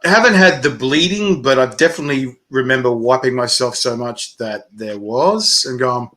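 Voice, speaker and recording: A man's voice: medium pitch, normal speed, a bit bright. A man hosting a casual chat, telling stories animatedly with swearing and frequent laughter. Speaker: interviewer host.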